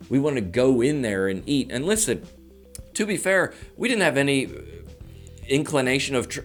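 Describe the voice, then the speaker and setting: A male comedian riffs in a loose, rambling monologue, sliding into quick asides that poke fun at himself. His voice sits at an ordinary middle pitch, with faint guitar music playing behind him. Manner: rambling, jokey, quick self-mocking asides. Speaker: stand-up comedian, show host.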